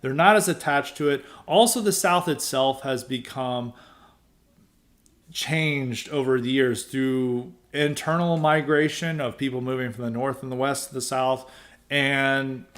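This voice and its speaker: Animated man in podcast commentary. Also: mid-range voice. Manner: animated, emphatic rises; conversational, many fillers. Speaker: podcast host. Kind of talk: casual political commentary.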